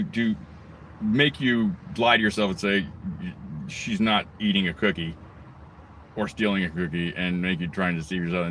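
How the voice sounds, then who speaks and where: On his own channel, a video blogger delivers an angry, profane rant, rambling, swearing heavily and tossing in mocking asides. His voice is fairly low and a bit bright, with slight background noise.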